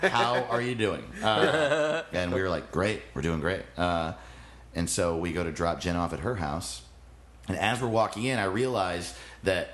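Laughing, animated man telling a story. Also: low-pitched, moderate pace, echoey room. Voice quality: laughs often, swears casually, lively retelling. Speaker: comedian guest. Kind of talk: casual storytelling chat.

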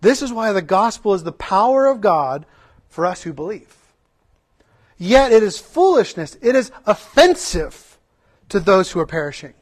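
High-voiced man preaching with fervor. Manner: passionate preaching with rhetorical questions; earnest, conversational asides with restarts. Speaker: pastor. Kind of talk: sermon.

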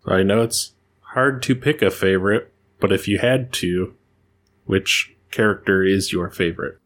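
Low-voiced male interviewer. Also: unhurried, fairly bright tone. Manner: brief, curious questions. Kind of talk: interview questions.

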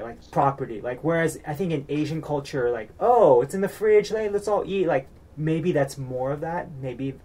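Recapping a reality show, a man from the United States grows heated while chatting in a rambling way, stumbling through fillers and restarts. His mid-range voice is a little mellow.

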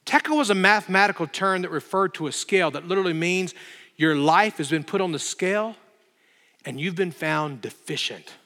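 Bright-voiced emphatic preacher man. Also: sits high, brisk, long reverb tail. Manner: emphatic, building intensity, dramatic retelling. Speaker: pastor. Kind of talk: sermon.

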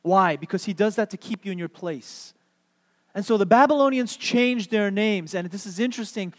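Male pastor, high voice, animated sermon storytelling, long hall echo. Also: normal speed. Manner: animated storytelling, repeats key words for emphasis; playful, asks the audience questions.

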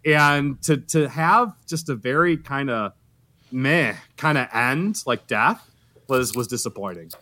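A man co-hosting a podcast, chiming in quickly and emphatically in casual movie talk. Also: medium pitch, expressive, pushed and bright.

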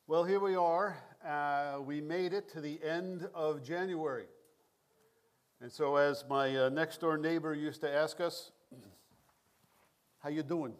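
A man pastor preaching a sermon in a measured, prayerful cadence, reading scripture and leading prayer. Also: a little high. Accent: New York.

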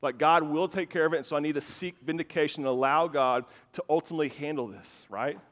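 A man's voice: on the high side, quick pace, in a large hall. A man in his thirties preaching a sermon as pastor, impassioned and emphatic, often restarting his words. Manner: impassioned, rising to loud emphatic bursts, with repeated restarts. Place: church hall.

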